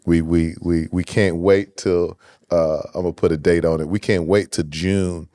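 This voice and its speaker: A man's voice: low-pitched, fairly even intonation, moderate pace, warm tone, no echo, studio quality. A man hosting a podcast in casual interview chat, loose and hyped, often repeating the same filler phrase. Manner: loose and hyped, repeats "you know what I'm saying". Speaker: podcast host.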